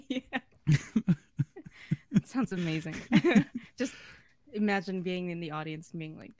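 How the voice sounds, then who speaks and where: A woman's voice: lowish voice, expressive, measured pace, a little mellow. A woman guest on a podcast, chatting casually and thoughtfully, laughing easily. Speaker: podcast guest, guitar teacher. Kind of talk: casual chat.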